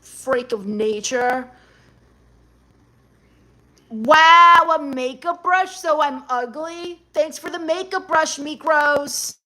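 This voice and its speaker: A woman hosting a live stream, reading her chat aloud and answering it with dry sarcasm. Her voice sits high and light. She mocks and snaps back at the messages. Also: slow pace, few pauses, fairly bright tone, slight background noise. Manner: sarcastic, mocking.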